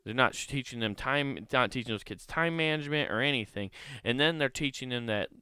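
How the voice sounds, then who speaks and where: A man's voice: medium pitch, a little fast, sharp tone, clear, resonant tone, no echo, studio quality. A man hosting a comedy podcast, telling a rambling, profane, incredulous story in a casual monologue.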